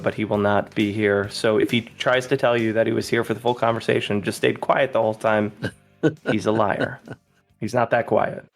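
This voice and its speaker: A man hosting a podcast, running the show with a joking, teasing manner over faint guitar music. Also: fairly low pitch. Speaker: podcast host. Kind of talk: casual chat.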